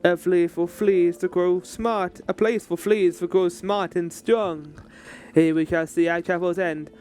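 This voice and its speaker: A man doing a high, chirpy flea caravan leader. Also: steady tone, measured pace, a little mellow, faint music behind. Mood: grand. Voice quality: high put-on pitch, a flamboyant attempted accent. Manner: theatrical, formal old-style phrasing.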